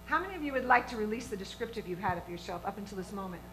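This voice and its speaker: A woman's voice: medium pitch, animated, racing, rough recording. A woman minister giving a sermon to her congregation in an earnest, emphatic way, often asking them questions. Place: church sanctuary with a congregation.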